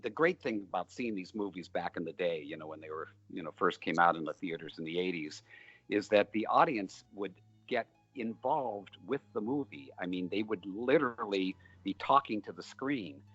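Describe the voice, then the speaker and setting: An older film director, his voice on the low side with a fairly bright tone, answers interview questions in a relaxed, rambling, storytelling manner packed with fillers. The audio is dull, with no echo.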